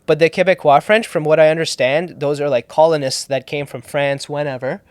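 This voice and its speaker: A man's voice: on the high side, fairly even intonation, a little fast, no room sound. Joking young man hosting a podcast. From Toronto, Canada. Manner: loose, joking, swears, laughs often. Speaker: podcast host and comedian. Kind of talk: casual chat.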